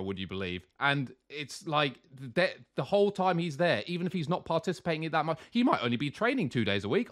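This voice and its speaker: A man rants on a casual podcast, swearing freely and mock-quoting people. His voice sits a little high and swings widely in pitch. He sounds fired up and blunt. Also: fairly bright tone. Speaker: co-host. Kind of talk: heated casual podcast rant.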